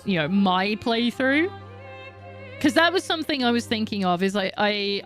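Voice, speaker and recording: Young woman streamer rambling to chat, laughs a lot, kinda high voice, faint game music behind. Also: fairly bright tone. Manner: chatty, rambling, laughs often. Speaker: livestreamer. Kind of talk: casual chat with stream viewers.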